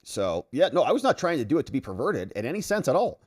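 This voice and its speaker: A man's voice: mid-range voice, very animated, quick pace, darkish tone. A man hosting a casual livestream, reading out viewer comments and reacting to them. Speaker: livestream host.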